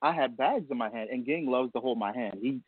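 A man's voice: mid-range voice, a little fast, husky, no echo. Male guest, heartfelt storyteller, laughs through it, dry tinny phone line. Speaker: guest, a father. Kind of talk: casual radio interview.

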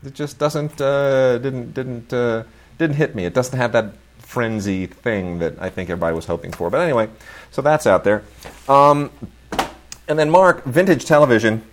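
A man's voice: medium pitch, moderate pace. A middle-aged man hosting a casual chat about new releases, rambling with many fillers and restarts, gushing with enthusiasm. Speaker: host.

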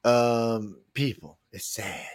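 Middle-aged guy ranting on a podcast, cussing, bragging, average pitch. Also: takes it slowly, no room sound, studio quality. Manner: rambling, boastful, swearing, with frequent restarts. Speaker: talk radio host. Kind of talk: casual talk podcast rant.

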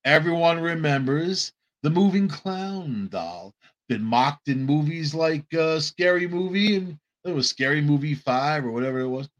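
A man's voice: on the high side, lo-fi sound. Rambling man. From Long Island, New York. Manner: loose, joking, self-interrupting with repeated restarts. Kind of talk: casual rambling monologue.

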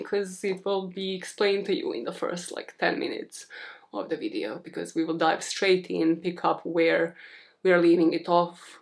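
A woman's voice: mid-range voice, a little mellow. A young woman hosting a true-crime podcast, talking casually in a chatty, rambling way with self-deprecating asides.

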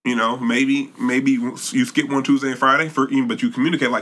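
Bright-voiced slangy man chatting. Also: medium pitch, a little fast. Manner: laid-back slangy, laughs easily, animated bursts. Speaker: podcast co-host. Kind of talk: casual chat.

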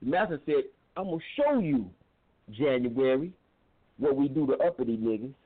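A man's voice: medium pitch, big pitch swings, moderate pace. A man giving an impassioned, preacherly talk on a talk show, telling a story and repeating phrases for emphasis. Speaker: guest, filmmaker. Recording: tinny phone-line audio.

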